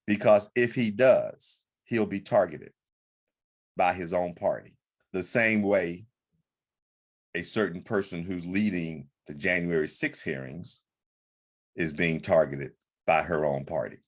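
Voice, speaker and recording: A man's voice: deep voice, unhurried, long pauses. A man co-hosting a podcast, talking politics in an earnest, emphatic way with frequent restarts. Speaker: podcast co-host. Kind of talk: political discussion.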